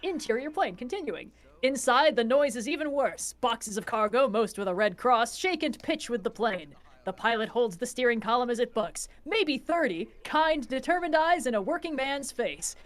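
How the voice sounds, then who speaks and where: A woman's voice: fairly high pitch, animated, moderate pace. A woman hosting a stream, reading a screenplay's stage directions aloud with wry asides. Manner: wry, adds snarky asides. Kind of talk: casual screenplay read-aloud.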